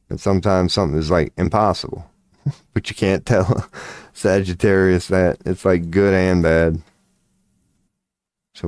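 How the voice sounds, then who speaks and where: A man with a low-pitched, darkish, clear, and resonant voice hosts an astrology live stream with no room sound. Laid-back and profane, he talks casually and mutters to himself while working on his computer.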